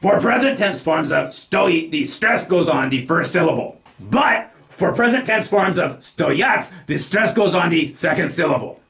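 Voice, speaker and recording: High creaky-voiced man teaching a lesson. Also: expressive, fairly bright tone, reverberant. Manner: slow deliberate enunciation of example sentences. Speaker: language teacher. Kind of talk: scripted language lesson narration.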